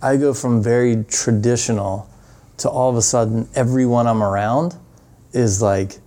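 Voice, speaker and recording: Male podcast guest, animated rambling storyteller. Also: medium pitch, moderate pace. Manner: animated, rambling with fillers and restarts. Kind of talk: casual storytelling chat.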